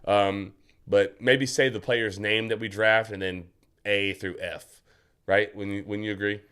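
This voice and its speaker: A man's voice: on the low side, fairly even intonation, a little slow, a bit bright, clean tone. A man co-hosting a casual live show, upbeat, with short reactions, speaking directly to the viewers. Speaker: co-host.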